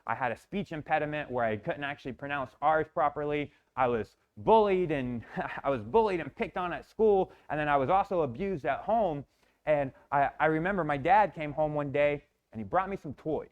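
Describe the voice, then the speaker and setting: Man, motivational speaker, fairly high voice, intense storytelling, repeats words and restarts, swears. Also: expressive, normal speed, lo-fi sound. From Florida, USA. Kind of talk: personal storytelling talk.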